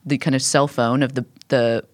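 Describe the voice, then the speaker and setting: A woman's voice: very deep voice, fairly even intonation, moderate pace, no room sound, clean studio sound. A woman co-hosting a podcast, wry and sarcastic in casual banter. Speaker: podcast co-host.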